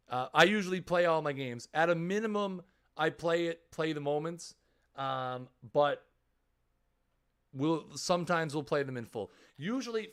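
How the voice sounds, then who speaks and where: A man's voice: fairly high pitch, a bit bright, smooth. A man streaming a video game, chatting casually and explaining his choices, often restarting and repeating phrases. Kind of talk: casual live-stream commentary.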